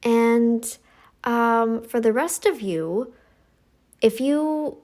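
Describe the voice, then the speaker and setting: A woman's voice: drawn-out words, darkish tone. A middle-aged woman hosting a commentary channel, talking in a sassy, scolding monologue aimed at her critics. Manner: sassy, scolding, mocks others in high voices.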